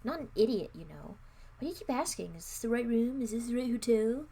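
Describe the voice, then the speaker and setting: A woman voicing a young girl in a storybook, sharp and insistent with her little brother. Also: fairly high pitch, expressive, fast, vocal fry, husky, pitched above the performer's own voice, exaggerated voice. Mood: worried. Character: young girl, older sister, sharp and frightened.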